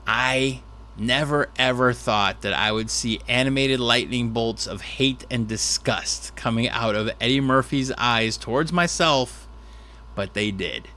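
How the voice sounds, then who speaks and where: A man's voice: mid-range voice, a little slow, bright, forceful tone. A man who is a stand-up comedian, telling a rambling, self-deprecating story with restarts and asides. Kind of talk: storytelling monologue.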